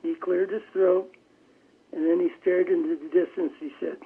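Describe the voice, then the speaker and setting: An older man calling in as a radio guest, recounting a memory in measured storytelling with frequent restarts, heard over a telephone line. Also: high voice, little pitch movement, slightly rough. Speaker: phone-in guest. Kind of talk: recounting a war memory in an interview. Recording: tinny phone line on radio.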